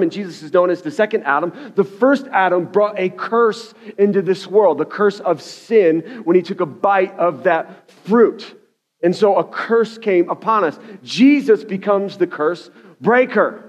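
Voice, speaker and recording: A man preaching a sermon as a pastor in a church, fervent and loud at the climaxes, with "okay?" asides. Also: high voice. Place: church sanctuary. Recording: dull lo-fi audio.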